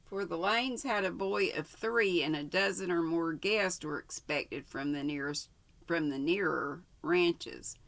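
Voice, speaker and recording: Slow, gravelly older woman reading aloud. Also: fairly low pitch, a bit bright. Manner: unhurried, stops to correct herself. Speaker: channel host reading a story. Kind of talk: casual story read-aloud.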